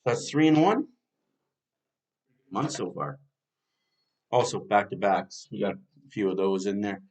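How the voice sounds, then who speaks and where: A man's voice: on the low side, animated, unhurried. A man hosting a fan podcast, casually previewing a hockey team's schedule and thinking aloud as he talks.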